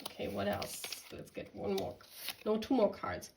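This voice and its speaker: A woman's voice: mid-range voice, fairly even intonation, moderate pace, gravelly, a little hiss or hum, poor audio. A woman from Germany giving a casual tarot reading, chatty and giggly, talking straight to her viewers. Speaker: tarot reader.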